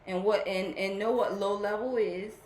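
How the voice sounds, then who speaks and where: A woman's voice: mid-range voice, steady tone, normal speed, a little mellow, roomy sound, a little hiss or hum. Rambling, affectionate woman spiritual host. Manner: rambling, repeats herself, affectionate. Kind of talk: casual spiritual talk to followers.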